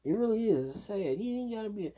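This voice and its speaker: Here a man fires off profane commentary on news clips, ranting and cursing in anger. His voice sits high and is expressive, he talks fast, and the lo-fi recording sounds dull.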